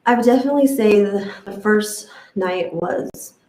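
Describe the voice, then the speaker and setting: A woman's voice: mid-range voice, moderate pace, mellow, echoey room, rough recording. A woman sharing a personal story in an emotional, rambling way, with many fillers. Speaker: retreat guest sharing her experience.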